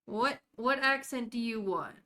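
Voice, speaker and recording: A woman's voice: on the high side, measured pace, pushed and bright. An American woman streaming a game live, chatting casually and talking to her viewers by name while she plays.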